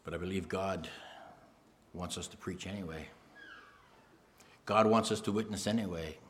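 A man's voice: low-pitched, normal speed, a little hiss or hum. A man preaching a sermon, emphatic, repeating phrases and speaking straight to the congregation.

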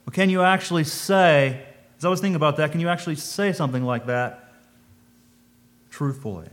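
A man's voice: on the high side, brisk. Man preaching in an easy, questioning way. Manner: thinks aloud, asks the listeners questions; reads scripture in old-fashioned wording. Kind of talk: conversational sermon.

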